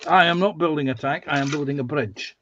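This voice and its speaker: A man's voice: fairly high pitch, brisk, bright, forceful tone, lo-fi sound. A man in casual chat, teasing in a dry way.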